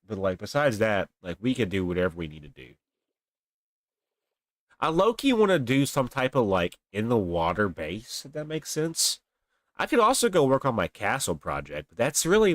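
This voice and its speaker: Here a young man streams his game live, low-voiced, talking to viewers and animatedly complaining and exaggerating about his bad luck. There's no echo on the desk mic feeding his webcam stream.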